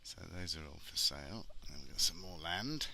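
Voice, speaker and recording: A man's voice: rumbling low, expressive, moderate pace, creaky, pushed and bright, rough recording. A man who is a property expert, giving blunt, sarcastic vlog commentary while driving a car. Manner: blunt and sarcastic, swears freely.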